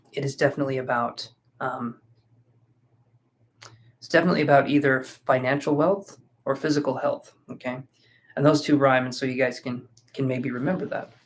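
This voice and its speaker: A man giving a live-streamed tarot reading, chatting casually and thinking aloud with fillers, sleepy and yawning. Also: mid-range voice. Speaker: tarot reader.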